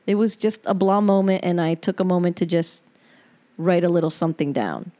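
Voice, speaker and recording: A woman's voice: fairly low pitch, a little fast, mellow. A woman podcast host reading her personal diary entries aloud, frank and emotional and given to swearing.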